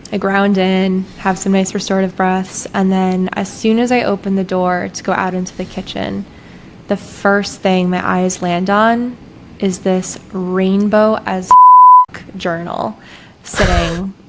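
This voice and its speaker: A woman's voice: mid-range voice, unhurried, low-quality recording. Woman, podcast guest, storytelling, filler-heavy, faint background hiss. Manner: animated, frequent "like" fillers. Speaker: guest, breathwork facilitator. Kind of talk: conversational storytelling.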